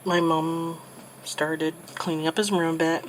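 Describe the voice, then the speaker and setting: A woman in her thirties speaks softly in a lowish voice, pausing often and filling gaps as she talks. She is tearful and close to crying. A faint hiss sits under the recording. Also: level tone, rough recording. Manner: soft, halting, with many pauses and fillers. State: tearful, getting emotional. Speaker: crafting channel host. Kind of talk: personal storytelling while crafting.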